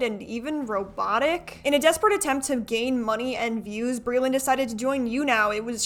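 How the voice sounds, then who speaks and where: A woman's voice: fairly high pitch, a bit bright. A woman narrating a scripted commentary video in a wry, gossipy, conversational way. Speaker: commentary host.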